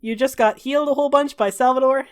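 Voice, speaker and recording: A woman running a tabletop game as game master, brash and animated, swearing freely. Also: sits high, fast talker.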